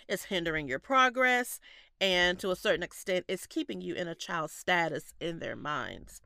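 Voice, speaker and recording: A woman in her thirties, congested and stuffy-nosed, chatting casually as a podcast co-host with lively storytelling and frequent laughs. Her voice is bright, smooth and clear, close and dry with no room sound. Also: lowish voice, dry recording. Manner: laughs often, animated storytelling. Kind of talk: casual chat.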